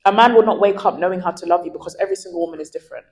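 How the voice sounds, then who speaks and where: Animated young woman telling stories. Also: fairly low pitch, very fast, poor audio. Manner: animated storyteller, acts out quoted dialogue. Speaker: interview guest. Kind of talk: candid conversational interview.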